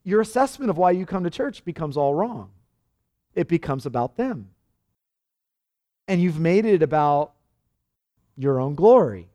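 A man's voice: fairly high pitch, sing-song, a little slow, pauses often, warm tone. A man preaching a sermon with passion, acting out the voices of those he quotes. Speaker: pastor.

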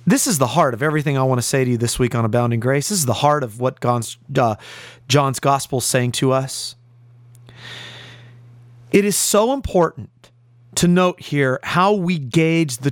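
A man's voice: on the high side, no room sound, studio quality. A man preaching a radio sermon, reading scripture dramatically with strong emphasis.

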